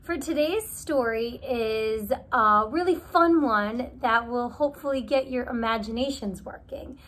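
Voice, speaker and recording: A woman's voice: fairly high pitch, measured pace, a bit bright. A woman hosting a children's story time, speaking cheerfully and directly to the kids. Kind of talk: reading aloud to children.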